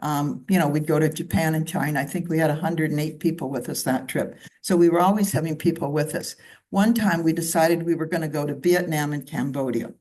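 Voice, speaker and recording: A woman's voice: low voice, brisk, a little mellow. A woman from Canada speaking at a club meeting, walking listeners through her slides in a conversational way with asides. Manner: conversational, with asides and side remarks. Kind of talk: slide presentation talk.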